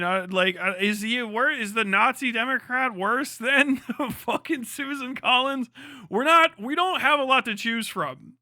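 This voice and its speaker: A man's voice: very high-pitched, pushed and bright, no echo, clean studio sound. A young man from the United States ranting bluntly and profanely in casual live-stream commentary.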